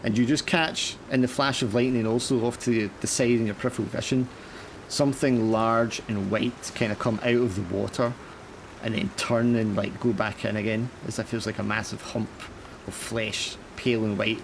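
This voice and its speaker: Gravelly low-voiced male game master. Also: steady tone, normal speed, noisy background. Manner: casual, many fillers. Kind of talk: narrating a tabletop horror game.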